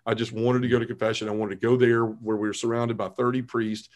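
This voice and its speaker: A man in his forties, a podcast guest telling his conversion story in an earnest, animated way, acting out his past self. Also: mid-range voice, quick pace.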